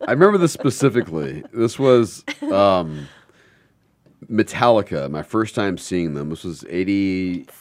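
Chatty male radio host, low voice. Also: very animated, unhurried, no echo, studio quality. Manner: chatty, rambling storyteller. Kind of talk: casual radio talk-show chat. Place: radio studio.

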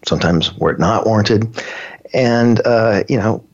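Joking male cohost, low husky voice, lots of whispery bits, kinda lo-fi. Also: measured pace. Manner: playful, joking, often whispering. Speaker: co-host. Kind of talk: casual chat.

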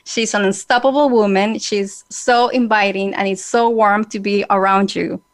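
Woman podcast host, spanish accent, mid-pitched voice, earnest and measured, lots of little uh's. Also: steady tone. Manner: earnest, measured, with hesitant fillers. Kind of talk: reflective podcast talk.

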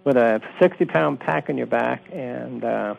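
A gravelly-voiced man co-hosts a radio show, and he is emphatic and blunt when he makes a point. His voice sits at an ordinary pitch. The broadcast sound is a little muffled. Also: measured pace. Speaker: radio co-host. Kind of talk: casual radio chat.

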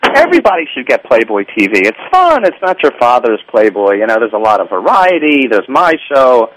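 A man's voice: mid-range voice, huge pitch swings, brisk, a bit bright, dry recording, poor audio. A man being interviewed as a guest, talking about his TV show in an easygoing, agreeable and playful way. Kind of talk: casual interview chat.

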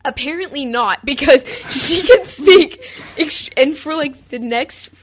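A woman's voice: high-pitched, slow, a little hiss or hum. A teenage girl from Texas co-hosting a chat show, rambling through stories with frequent giggles. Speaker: co-host. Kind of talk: casual chat.

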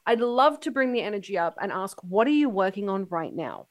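A woman hosting a radio talk show, sick and short of breath, talking warmly and effusively. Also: medium pitch, big pitch swings, brisk, no echo, studio quality.

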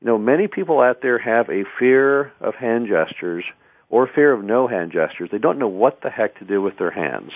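A man's voice: mid-range voice, sing-song, moderate pace, dry recording. A man hosting a radio talk show, giving conversational advice on public speaking and often restarting words. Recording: tinny phone-like radio sound.

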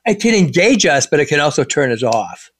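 A man's voice: a little high, brisk, slightly rough, dry recording, studio quality. A man in casual conversation, telling stories with lots of fillers and restarts. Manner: animated storyteller, many fillers and restarts.

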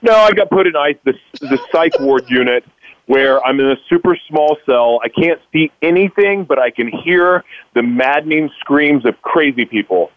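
A man's voice: fairly high pitch, moderate pace, no room sound. Man telling his story on lo-fi radio. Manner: animated, acts out his past self in quotes, stammers on restarts. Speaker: guest. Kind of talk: emotional personal storytelling. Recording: dull lo-fi radio broadcast.

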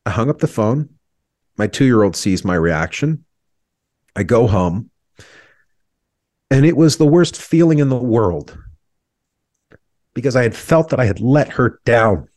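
A man's voice: medium pitch, animated, a little slow, pauses often, a little mellow, no room sound, studio quality. A man in his thirties, an interview guest, telling a painful personal story in an earnest, reflective way, his voice sometimes breaking with emotion.

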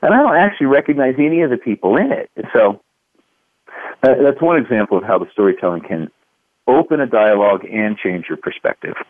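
Lively storytelling man on a phone line. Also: medium pitch, brisk, dry recording. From Louisville, Kentucky, USA. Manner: animated storyteller, acts out quotes. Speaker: guest author. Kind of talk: storytelling in a radio interview.

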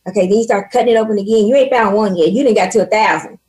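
A woman guest on a talk show, speaking loudly and with animated, preachy storytelling about faith and business. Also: mid-range voice, racing, slightly rough, rough recording. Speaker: podcast guest. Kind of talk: casual faith and business chat.

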